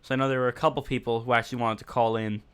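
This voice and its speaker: Smooth-voiced man hosting a casual stream. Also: medium pitch, little pitch movement, rapid-fire. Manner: blunt and mocking, with frequent fillers. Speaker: podcast and livestream host. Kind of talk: casual rambling commentary.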